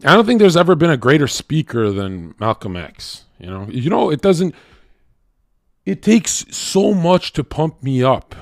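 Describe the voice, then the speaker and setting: A man's voice: very animated, unhurried, dry recording. Profane, rambling male streamer, dry mic. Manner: loose, profane, rambling with many restarts and rhetorical "right?"; swings from loud and worked up to low and muttered. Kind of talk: casual livestream rant.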